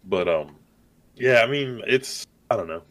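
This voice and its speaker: A man's voice: fairly low pitch, lively intonation, a little slow. A man in casual chat, wry and swearing freely as he quotes movie characters.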